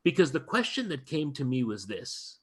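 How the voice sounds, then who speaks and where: A man's voice: mid-range voice, very animated, normal speed, fairly bright tone, breathy edge. A male guest lecturer in an interview, retelling a story earnestly and emphatically, often restarting his phrases.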